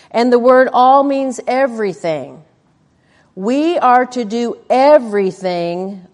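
Her voice fairly high yet darkish, a middle-aged woman teaches a women's Bible study chattily, questioning her audience and muttering asides. A large hall gives the recording a long echo.

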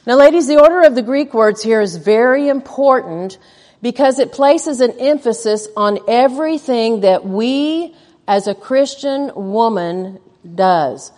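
A woman's voice: on the high side, animated, measured pace, a little mellow. A middle-aged woman teaching a women's Bible study in a chatty way, putting questions to the listeners and muttering asides under her breath. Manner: conversational, asks the audience questions, mutters quoted asides. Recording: long echo of a large hall.

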